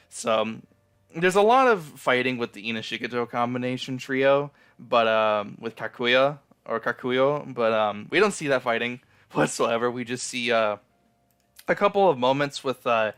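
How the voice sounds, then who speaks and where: A man's voice: mid-range voice, moderate pace, fairly bright tone, clean tone. A young man in a casual, rambling anime episode recap, full of fillers and swearing. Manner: rambling, frequent fillers and profanity. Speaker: anime reviewer.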